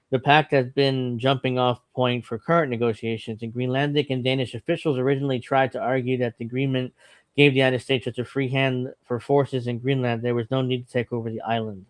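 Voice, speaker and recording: A man hosting a podcast, reading news articles aloud with halting fillers and casual asides. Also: mid-range voice, no room sound. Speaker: podcast host.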